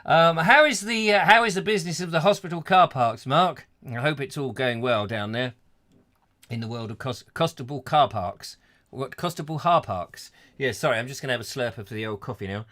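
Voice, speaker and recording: With a sharp, mid-range voice full of big pitch swings, this middle-aged comedy chat show host moves at a moderate pace through viewer comments. He rambles and puns, tossing in silly asides and sudden bursts of silly voices and singing.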